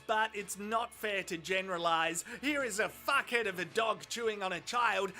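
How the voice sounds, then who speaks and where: A man's voice: sits high, sharp tone. A man with an Australian accent giving profane, cheeky comic voice-over commentary as host.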